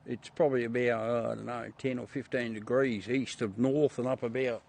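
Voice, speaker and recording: Aussie bloke mid-age, joking around live w viewers, laughs a lot, swears a bit. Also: male voice, medium pitch, fairly even intonation, moderate pace, creaky, a little mellow. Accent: Australian. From Australia. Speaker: livestream host showing the moon through a telescope. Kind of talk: casual live chat with viewers.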